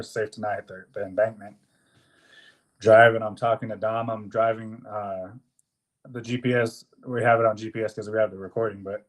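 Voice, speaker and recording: A young man on a podcast, casually telling a work story with heavy swearing and laughter. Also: lowish voice. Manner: animated, swears a lot, laughs through the story. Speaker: podcast co-host.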